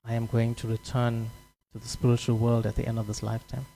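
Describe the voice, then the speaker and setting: A man's voice: medium pitch, completely flat delivery, quick pace, gravelly, dark tone, a little hiss or hum, lightly acted. A man voicing a humble, earnest cobbler asking a polite question. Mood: hopeful. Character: humble hopeful male cobbler.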